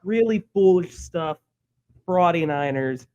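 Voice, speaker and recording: A man co-hosting a sports podcast, energetic and mocking, with loud sudden jumps in pitch. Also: takes it slowly, lo-fi sound. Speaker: podcast co-host. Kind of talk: casual chat.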